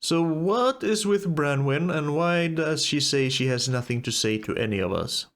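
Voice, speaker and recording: A man's voice: a little high, lively intonation, moderate pace, fairly bright tone. A man giving casual let's play commentary, chatty and thinking aloud while he plays. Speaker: gamer.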